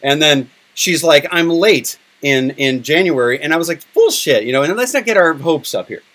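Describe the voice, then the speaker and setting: Candid, emotional man with a higher voice. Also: animated, moderate pace, fairly bright tone. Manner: candid and emotional, swears freely. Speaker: podcast host. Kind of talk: casual chat.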